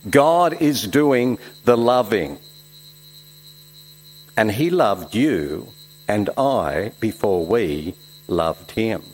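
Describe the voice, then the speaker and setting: A middle-aged man, originally from Switzerland, preaching a sermon, swinging from loud emphasis to soft asides. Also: fairly low pitch, lively intonation, very slow, pauses often. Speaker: pastor.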